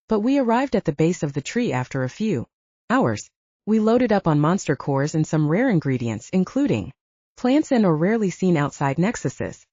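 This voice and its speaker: A woman narrating a first-person fantasy audiobook in a lively storytelling manner. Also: lowish voice, no echo. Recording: dull, dry, lo-fi.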